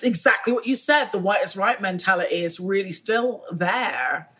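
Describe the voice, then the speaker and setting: A woman's voice: medium pitch, lively intonation, normal speed, a bit bright, slightly rough. A British woman talks in a casual interview about her life as a musician. She speaks candidly in a mid-range voice and laughs often between her thoughts. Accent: British English. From Britain. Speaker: guest musician.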